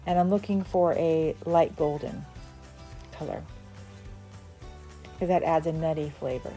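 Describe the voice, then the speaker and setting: A woman's voice: low voice, fairly even intonation, a little slow, dark tone, soft background music. A woman from the Southern United States hosting a cooking channel, chatting casually through a recipe with fillers and small laughs. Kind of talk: casual cooking demonstration voice-over.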